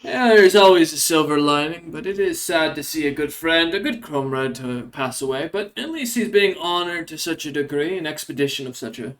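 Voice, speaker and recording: A smooth, friendly male winged elf adventurer who talks with easy courtesy and a gentle lift in his voice, put on by a man running the game. He stays even and agreeable throughout. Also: moderate pace, hardly any pauses, natural voice. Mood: polite. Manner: courteous, easygoing, higher than his narration.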